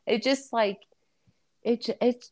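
A woman's voice: on the high side, steady tone, slow pace, a little mellow, no echo. A young woman co-hosting a podcast, chatting casually with many fillers and restarts. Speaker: podcast co-host. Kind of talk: casual chat.

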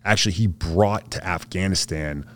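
A man's voice: low voice, normal speed. A man, a soldier guest on a podcast, telling a story in a laid-back, slangy way and acting out what others said. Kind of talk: casual storytelling interview.

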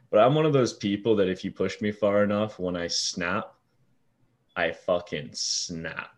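Deep-voiced young man telling a story. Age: young adult. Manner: animated storyteller, swears freely, acts out quoted lines. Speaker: fast-food shift manager. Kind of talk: casual storytelling.

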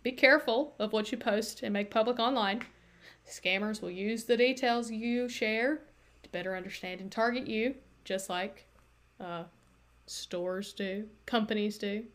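A woman's voice: medium pitch, unhurried. A woman hosting a podcast, telling a story in a chatty, casual way with lots of fillers. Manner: chatty, animated, many fillers and likes. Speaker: podcast host.

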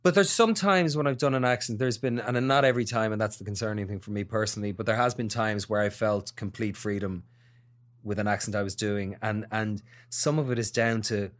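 Reflective Irish man, lowish voice. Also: a little fast. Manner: reflective, searching for words. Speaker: guest actor. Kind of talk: casual podcast interview.

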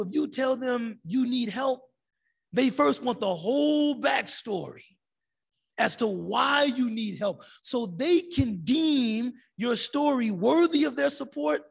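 A man teaching a religious class, telling a story in a lively way and acting out the people in it. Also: very high-pitched, creaky, breathy edge. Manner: animated storytelling, acting out quoted voices.

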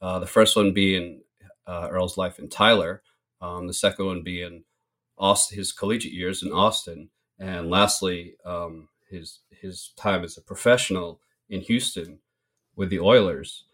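Deep-voiced male interviewer. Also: steady tone, a bit bright. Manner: measured, asks long framing questions. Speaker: interviewer host. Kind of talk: interview questions.

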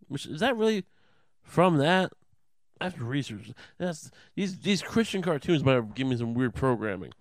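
A man's voice: mid-range voice, expressive, normal speed, a little mellow, dry recording, clean studio sound. A man rambling through a profane, sarcastic comedic monologue, full of restarts and asides.

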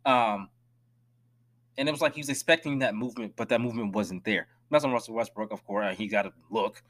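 A man hosting a solo sports podcast, talking emphatically and swinging between loud outbursts and hushed asides. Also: on the low side, brisk. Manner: direct, addresses listeners as y'all. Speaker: podcast host.

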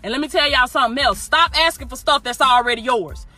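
A woman with a high, bright voice preaches in a loose, emphatic style, hammering her points through repetition. She talks directly to her listeners as if they were in the room, with faint music playing behind her. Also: fast talker. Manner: emphatic, repeats phrases, addresses listeners directly with y'all and baby. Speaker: motivational preacher. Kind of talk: informal preaching.

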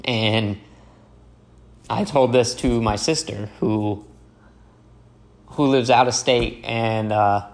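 A young man, a paramedic, casually telling a story in a slow, halting way with many fillers and restarts. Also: fairly low pitch, fairly even intonation, gravelly.

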